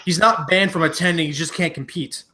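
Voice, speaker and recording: A man with a somewhat high voice co-hosting a loose podcast. He is giggly and animated, and he keeps steering the conversation to new topics. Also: brisk. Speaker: podcast co-host. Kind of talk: casual drunk podcast chat.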